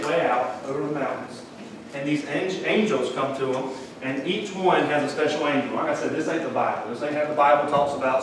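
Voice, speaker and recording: A pastor preaches a folksy, conversational sermon full of Southern phrasing in a church sanctuary. His voice is medium-pitched, and the distant mic in the echoey hall picks up background noise.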